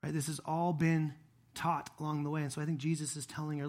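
A man in his thirties preaching a sermon, conversational and animated, building to emphatic peaks. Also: on the high side, fast talker. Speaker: pastor.

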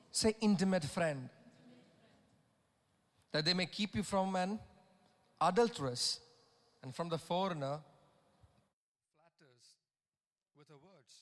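A man's voice: fairly high pitch, measured pace, pauses often. A man preaching a sermon, reading scripture aloud and stopping to comment, with emphatic repeated lines and call-and-response to the congregation. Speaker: pastor.

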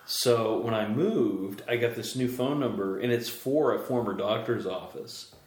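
Male podcast host, lively and jokey, recorded in an echoey room. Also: on the low side, unhurried. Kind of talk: casual chat. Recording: roomy echo.

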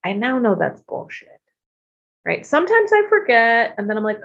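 A woman in her fifties sharing her recovery story frankly and expressively, with casual swearing and quick asides. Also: fairly high pitch, sing-song, vocal fry, a bit bright. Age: 50s. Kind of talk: candid personal testimony. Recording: dull lo-fi recording.

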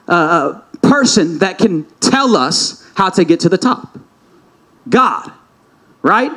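A man with a high-pitched voice preaches to a congregation in a church hall. He talks in a loose, conversational way, firing questions at the room and often circling back to restart his sentences. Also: big pitch swings, measured pace, a bit bright. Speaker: pastor. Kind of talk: sermon.

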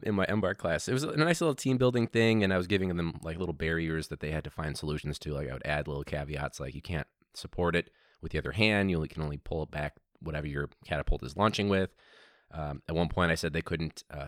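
Man, podcast host, low voice, rambling story, dry close mic. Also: no echo. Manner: animated, rambling, laughs, sudden incredulous high outbursts. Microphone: podcast microphone.

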